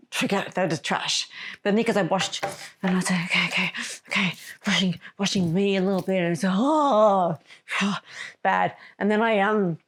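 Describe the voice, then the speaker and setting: A woman telling a personal story on a podcast, rambling and correcting herself as she goes. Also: on the low side. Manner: rambling, self-correcting, emotional retelling. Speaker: podcast host.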